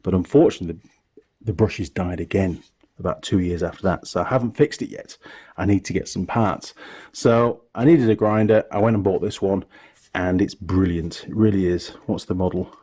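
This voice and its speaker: Man, middle-aged, from the UK, casual workshop chat, mellow dark tone. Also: low-pitched, moderate pace, husky. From United Kingdom. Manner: chatty, rambling, self-correcting. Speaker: workshop YouTuber, mechanic. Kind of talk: casual tool tour talk. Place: home workshop.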